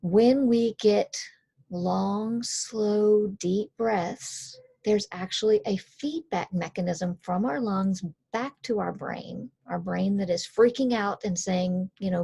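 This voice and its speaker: A woman coach talking parents through handling anxiety, calm, earnest and plainspoken. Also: medium pitch, takes it slowly, gravelly, breathy edge. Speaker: coach and author. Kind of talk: conversational explainer.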